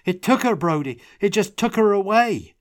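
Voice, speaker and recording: A man's voice: a little high, big pitch swings, a little slow, no echo, studio quality, pitched above the performer's own voice. A man reading aloud, voicing an upset young man who pleads and questions in a raised voice.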